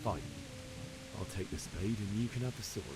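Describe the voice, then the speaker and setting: A dry, sardonic male survivor, voiced by a man who drops his voice low, answering calmly and coolly. The line reads flat and unhurried. A steady hiss sits under the audio. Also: close to an everyday voice.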